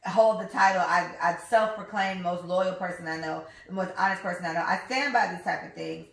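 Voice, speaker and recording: A woman's voice: fairly low pitch, a little fast, gravelly, a bit bright, distant mic. A young woman hosting a podcast, talking bluntly and casually with plenty of slang. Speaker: podcast host. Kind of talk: casual chat. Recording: echoey room, voice off-mic.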